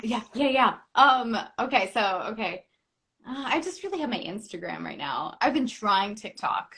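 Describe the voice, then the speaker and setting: A young woman, an actress and comedian, chatting as a guest in a live interview, animated and playing out little quoted voices as she laughs. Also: a little high, moderate pace, husky. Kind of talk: lively live interview chat.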